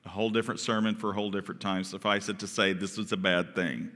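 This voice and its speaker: Pastor guy preaching, chatty, asks the room questions, bright voice, big echoey church. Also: deep voice, little pitch movement, fast. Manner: conversational, asks the congregation questions. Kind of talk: sermon. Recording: long church hall reverb.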